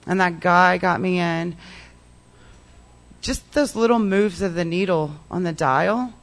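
Candid, animated recovery-meeting speaker; mid pitch, conversational, acts out dialogue. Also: takes it slowly. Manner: peppers speech with "like" and "you know". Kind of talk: personal recovery story told to a meeting.

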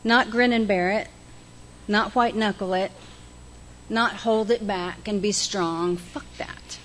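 A middle-aged woman, speaking candidly and folksily about her recovery and guiding a group through slow breaths. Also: medium pitch, steady tone, fairly bright tone, a little hiss or hum. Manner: candid, self-deprecating, folksy. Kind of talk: personal recovery talk with guided breathing.

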